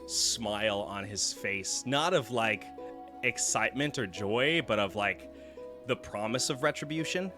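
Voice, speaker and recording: A man running a tabletop game as game master, narrating a horror scene in vivid detail, often hushed, with fillers. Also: fairly low pitch, animated, unhurried. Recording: music underneath.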